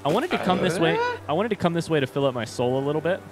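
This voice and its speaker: Excitable gamer guy with lively pitch. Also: very fast. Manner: excitable, swearing, exclamatory. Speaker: gaming channel host. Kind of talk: live gameplay commentary. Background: game music.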